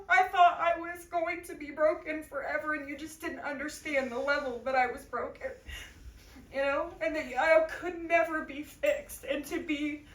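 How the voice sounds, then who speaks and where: A middle-aged woman with a high voice gives a heartfelt testimony. She is earnest and sometimes teary, with nervous laughs between phrases. She is recorded from a distance in an echoey church. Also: fairly bright tone. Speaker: church member giving a testimony. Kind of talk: emotional personal testimony.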